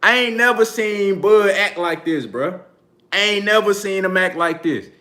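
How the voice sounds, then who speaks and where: A man in talks boxing on a live stream in a loose, slangy, laid-back way, often breaking into laughter. His voice sits a little high and rings very bright. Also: expressive, normal speed. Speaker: boxing channel host. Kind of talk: casual live-stream commentary.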